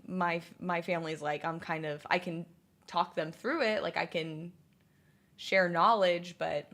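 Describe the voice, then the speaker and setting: A woman's voice: lowish voice, a bit bright. A young woman streaming, chatting casually and answering viewers' messages, rambling with many fillers and restarts. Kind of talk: casual livestream chat.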